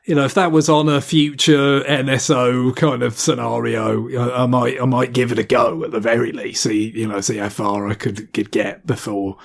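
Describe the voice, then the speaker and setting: A man's voice: medium pitch, little pitch movement, moderate pace, creaky, few pauses. A man co-hosts a casual gaming podcast in an ordinary mid-range voice. He rambles hesitantly, doubling back and circling his point with frequent asides. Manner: rambling, hesitant, many fillers and restarts. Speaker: podcast co-host.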